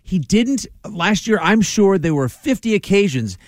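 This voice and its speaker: A man's voice: high-pitched, measured pace, no echo, studio quality. A man, co-hosting a casual sports podcast and rambling with lots of fillers. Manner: rambling, animated, full of fillers. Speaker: podcast co-host.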